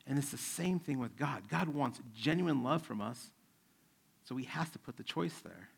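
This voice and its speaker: Gravelly-voiced man preaching conversationally. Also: medium pitch, expressive, normal speed. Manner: conversational preaching, acts out his kids' voices. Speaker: pastor. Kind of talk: sermon.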